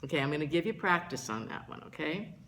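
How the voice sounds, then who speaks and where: An older woman giving a slow, reflective spiritual talk as a teacher, gentle and earnest, pausing often between phrases. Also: sits low, animated, a little hiss or hum.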